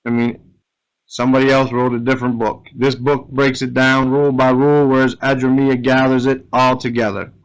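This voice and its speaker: A man's voice: mid-range voice, flat delivery, brisk, clear, resonant tone, poor audio. A man teaching an Arabic grammar lesson, explaining step by step and often checking with "right?".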